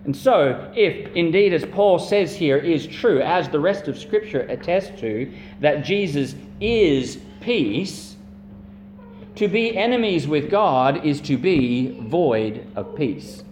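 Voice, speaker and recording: A man's voice: on the high side, lively intonation, slow, a little mellow. A man preaching a sermon as a pastor, earnest and emphatic, repeating phrases and drawing out key words. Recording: echoey room with faint hum.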